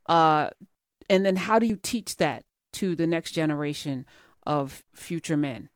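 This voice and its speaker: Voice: mid-range voice, expressive, unhurried, no room sound, clean studio sound. A host with a teasing, playful manner, chatting casually with a guest over a video call.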